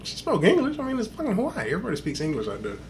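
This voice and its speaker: Brief: male podcast host, slightly high voice, lively swooping delivery, crude casual storyteller who laughs at his own tales. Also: racing, slight background noise. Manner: animated, profane, laughs through his stories.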